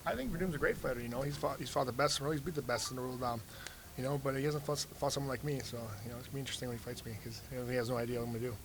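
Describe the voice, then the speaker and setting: A man from Cleveland, a fighter answering press questions in casual talk, quick and full of "you know" and restarts. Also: mid-range voice, noisy background. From United States, Cleveland. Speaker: fighter being interviewed. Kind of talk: casual media scrum answers. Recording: crowd chatter behind.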